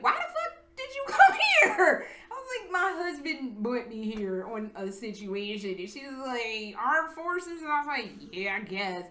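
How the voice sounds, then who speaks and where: High bright-voiced woman telling a profane story. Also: roomy sound, slight background noise. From United States. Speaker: vlogger. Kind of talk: casual storytime chat. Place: her apartment.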